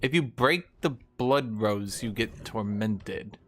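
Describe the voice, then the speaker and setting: Over soft background music, a young man with a lowish voice streams a strategy game at a slow pace. He talks casually to his chat about the gameplay, making wry remarks, exclaiming suddenly and letting thoughts trail off.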